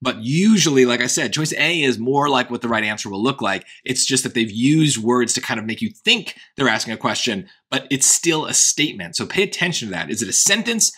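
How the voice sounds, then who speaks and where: A man's voice: medium pitch, animated, fairly quick, few pauses, sharp tone, husky. A man tutoring test prep, talking through a grammar question in a chatty way, thinking aloud with fillers. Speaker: SAT tutor. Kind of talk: casual tutoring walkthrough.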